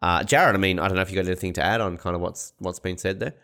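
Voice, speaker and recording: A man's voice: low-pitched, steady tone, very fast, sharp tone. An Australian man co-hosting a sports podcast, chatting casually and rambling with lots of fillers. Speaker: podcast co-host.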